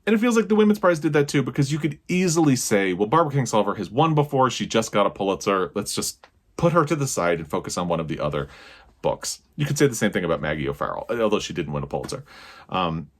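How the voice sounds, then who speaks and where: A man vlogging a casual book review to camera, excitable and gushing, tripping over his words when thrilled. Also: on the low side, a little fast.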